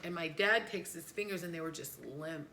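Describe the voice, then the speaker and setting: A middle-aged woman co-hosting a family podcast, telling a story in a casual, animated way and jumping high when she quotes people. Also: moderate pace, slight background noise. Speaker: podcast co-host.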